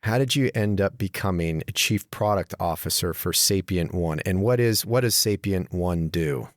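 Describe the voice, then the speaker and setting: Deep-voiced man host, dry sound. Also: moderate pace, no room sound. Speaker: podcast host. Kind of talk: interview questions.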